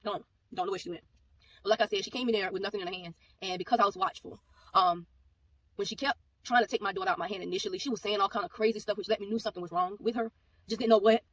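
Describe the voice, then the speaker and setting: A woman giving a personal testimony, telling the story in a rapid, animated way and acting out the back-and-forth of the exchange. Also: mid-range voice. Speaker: ministry speaker giving a testimony. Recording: voice a bit far from mic, faint background noise.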